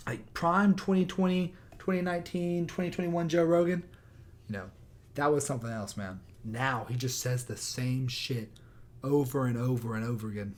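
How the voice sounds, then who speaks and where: A man's voice: mid-range voice, moderate pace. A young man on his own microphone, ranting in a heated, sarcastic way with lots of swearing. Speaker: YouTuber. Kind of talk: profane rant. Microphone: new microphone.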